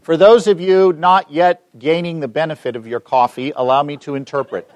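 Brief: middle-aged man, bright-ish tenor, dry close mic, funny storyteller at a lecture Q&A. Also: fairly high pitch, moderate pace, no room sound. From Los Angeles. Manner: joking, lively storyteller. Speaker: speaker answering audience questions. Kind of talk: public talk with Q&A.

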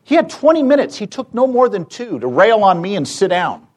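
A man in his fifties from the United States speaks to an audience in a somewhat high voice. He keeps the talk moving with pointed rhetorical questions and dry jokes. His delivery is animated and persuasive. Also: a little fast. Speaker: public speaker and campus debater.

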